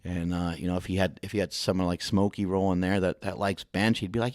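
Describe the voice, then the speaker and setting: A man's voice: low voice, flat delivery, fairly quick, few pauses, no echo, clean studio sound. A man hosting a podcast in casual chat, telling rambling, profane stories. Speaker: podcast host.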